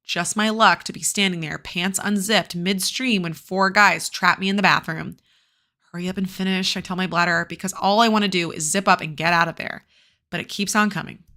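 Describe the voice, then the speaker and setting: A woman reads a novel aloud for her students, stopping now and then to comment in a loose, chatty way. Her voice is bright and forward, sitting a little low. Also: fairly even intonation, fairly quick. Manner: casual, chatty asides with fillers and restarts. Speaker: teacher reading a novel aloud.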